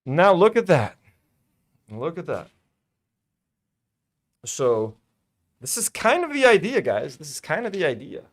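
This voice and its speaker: A young man talking casually through a hobby build. He is chatty and pleased with himself, his voice sits a little high, and his pitch swings widely. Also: big pitch swings, measured pace, pauses often. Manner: chatty and self-delighted, many fillers. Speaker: toy-building channel host. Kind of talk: casual hobby vlog narration.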